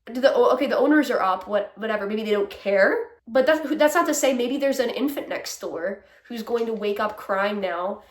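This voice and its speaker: A woman's voice: on the high side, animated, moderate pace, distant mic. A young woman ranting candidly in a casual vlog, exasperated and swearing freely, often breaking into laughs. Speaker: vlogger. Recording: echoey room.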